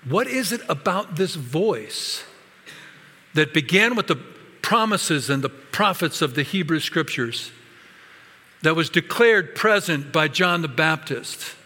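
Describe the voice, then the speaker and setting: Male pastor, higher voice, bright and forceful, emphatic sermon, long hall reverb. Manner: emphatic, varied preaching delivery.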